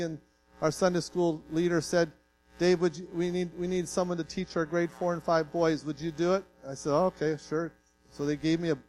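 A man from Canada preaches in an earnest, folksy sermon style, his voice sitting a little high for a man. He tells plain stories and jokes at his own expense before pressing his point with feeling. A faint electrical hum runs under the recording. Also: a little mellow, rough recording. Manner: earnest, folksy, emotional, self-deprecating humor. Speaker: pastor.

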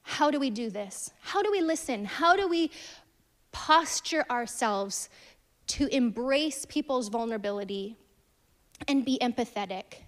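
Woman, thirties, preacher, sermon, earnest storytelling, slightly high voice. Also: lively intonation, unhurried. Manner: earnest storytelling, dynamic shifts from emphatic to hushed.

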